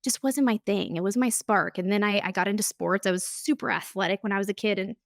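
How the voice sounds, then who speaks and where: Hosting her podcast alone, a woman in her thirties shares her story earnestly, candidly and with open emotion. She talks fast at a medium pitch with a creaky voice, in clean studio sound with no echo.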